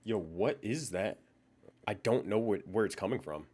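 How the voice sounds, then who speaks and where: Low-voiced streamer muttering over settings. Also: male voice, lively intonation, normal speed, a little mellow. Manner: swearing, muttering while fiddling with audio settings. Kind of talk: casual live-stream chat.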